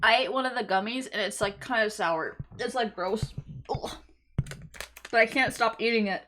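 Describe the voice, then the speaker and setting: A young adult woman streaming live, reacting excitedly and swearing casually as she talks to her chat. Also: on the high side, normal speed, a little hiss or hum.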